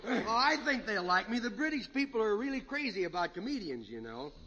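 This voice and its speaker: A high, lively male voice bounces between gags and keeps breaking into giggles at his own lines. This is 1950s radio comedy captured on a noisy vintage recording, with heavy hiss beneath. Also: a little fast, dull audio. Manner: giggly, clowning, laughs at own jokes.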